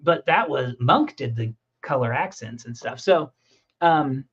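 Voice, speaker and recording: A man's voice: mid-range voice, unhurried, slightly rough. A man telling stories and rambling in a casual conversation about making comics. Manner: rambling, animated storytelling with restarts. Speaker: comic creator and podcast host. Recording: muffled lo-fi audio.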